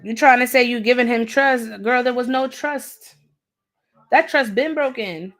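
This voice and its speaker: A woman's voice: on the high side, a little slow, fairly bright tone. A woman giving a live tarot reading, blunt and direct, scolding her viewer in slangy talk and repeating herself for emphasis. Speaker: tarot reader.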